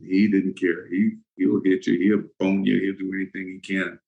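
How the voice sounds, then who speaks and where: Laughing low-voiced older man telling stories. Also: little pitch movement, normal speed, creaky, warm tone, dull audio. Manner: chatty, laughs often, acts out anecdotes. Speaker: former pro football player, guest. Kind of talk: casual interview storytelling.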